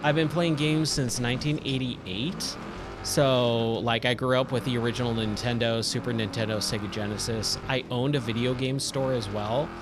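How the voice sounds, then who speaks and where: A man's voice: mid-range voice, moderate pace, noisy background. A man in his forties chatting casually while streaming a racing game, rambling with many fillers, his voice a little worn. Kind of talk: casual live-stream commentary.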